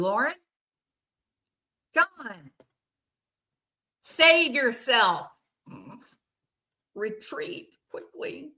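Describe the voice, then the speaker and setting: A woman's voice: fairly high pitch, fairly bright tone. A woman hosting casual true crime commentary, bluntly and indignantly answering viewers by name. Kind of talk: casual commentary reacting to chat.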